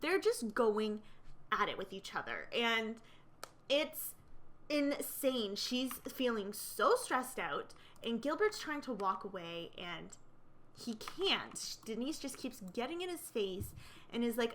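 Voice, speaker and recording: A woman's voice: a little high, big pitch swings, takes it slowly, fairly bright tone, a little hiss or hum. A young woman narrating a life simulation game in a casual, chatty way, full of fillers and gossip. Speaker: let's play narrator.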